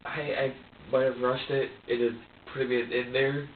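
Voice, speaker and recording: Suspect in interview room; halting, restarts often; recorded from a distance in an echoey room. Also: male voice, mid-range voice, flat delivery. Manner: halting, stumbling restarts, repeats himself. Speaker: suspect being questioned. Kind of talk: police interrogation. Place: sheriff's office interview room. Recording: tinny, echoey room audio from far off, faint hiss.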